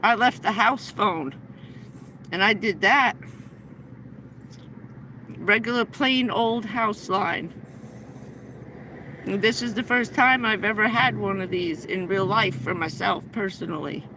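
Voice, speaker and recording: A woman's voice: medium pitch, takes it slowly, pauses often, noisy background. A middle-aged woman hosting a livestream, telling a long, rambling anecdote with many restarts in a casual way. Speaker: livestream host. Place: inside a vehicle.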